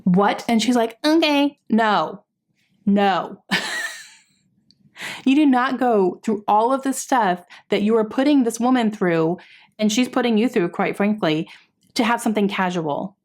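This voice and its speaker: A woman's voice: mid-range voice, unhurried, darkish tone. A young woman vlogging a chatty book review, exasperated at times, with frequent sighs and fillers. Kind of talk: casual book review chat.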